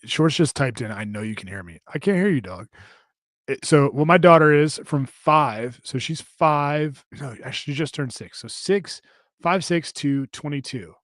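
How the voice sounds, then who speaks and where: A man's voice: medium pitch, no echo. Rambling casual man on a dry podcast mic. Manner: rambling, profane, many fillers and restarts. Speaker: podcast co-host. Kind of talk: casual live-stream chat reading comments.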